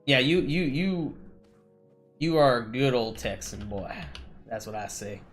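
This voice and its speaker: A man's voice: mid-range voice, animated, a little slow. A man chatting and joking while playing a game, laughing often and stumbling over his words. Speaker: gaming streamer. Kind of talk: casual chat while gaming. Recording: faint music behind.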